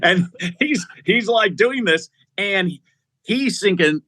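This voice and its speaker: A middle-aged executive search CEO, guesting on an interview, tells stories with animation and acts out the people he quotes. His voice is high-pitched and slow-paced, captured in a dry recording.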